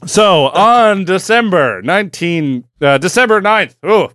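A man's voice: sits high, lively intonation, a little slow, a bit bright, no room sound, clean studio sound. A young man on a comedy podcast, rambling through a story while getting drunk. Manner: rambling, puts on voices for characters in the story. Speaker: podcast host telling a story.

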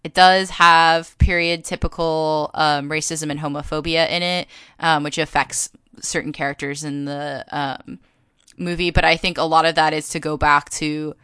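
A woman co-hosts a casual podcast, her speech rambling and full of fillers. Her voice is lowish for a woman, yet bright and crisp, and sounds dry and close to the mic. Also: steady tone, moderate pace, dry recording. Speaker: podcast co-host.

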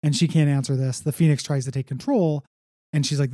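A man's voice: on the high side, steady tone, fairly quick, dark tone, no echo. A man co-hosting a comic book podcast, recapping issues in a wry, rambling casual chat with dry jokes.

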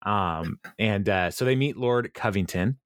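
Podcast host, low-pitched man, loose and rambling, dry booth sound. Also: measured pace, no echo. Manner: rambling, many fillers, laughs at own retelling. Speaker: podcast host recapping a TV show. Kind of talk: casual chat.

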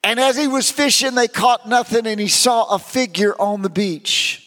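A man's voice: very high-pitched, moderate pace, fairly bright tone, big-room sound. A man preaching a sermon, telling stories with rising and falling emphasis.

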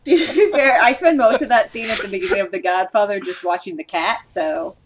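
A woman's voice: medium pitch, fairly quick, background noise. A woman co-hosting a casual film podcast, talking in a playful, teasing, jokey way.

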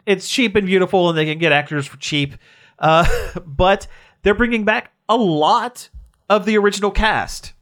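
A man's voice: high voice, normal speed, a bit bright. A man co-hosting a podcast in casual chat, joking and upbeat. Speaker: podcast co-host.

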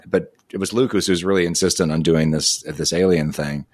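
A man's voice: sits low, fairly even intonation, a little fast, no room sound, studio quality. A man co-hosting a podcast in casual chat, hesitant and repeating words as he works out his thoughts. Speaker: podcast co-host.

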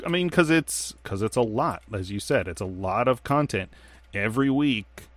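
A man co-hosting a casual podcast, telling stories in a rambling, animated way with lots of fillers. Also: medium pitch, normal speed, no echo. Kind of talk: casual chat.

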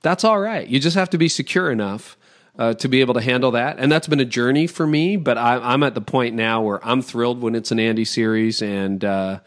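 A middle-aged man from Toronto, a pastor talking on a podcast in an animated, emphatic way, giving practical advice in quick lists. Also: mid-range voice. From Toronto, Canada. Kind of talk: conversational podcast interview.

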